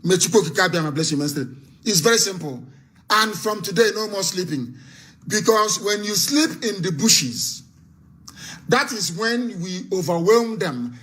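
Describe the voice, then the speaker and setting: A man hosting a live call-in broadcast, speaking in forceful, repetitive oratory. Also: sits high, lively intonation, moderate pace. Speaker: host.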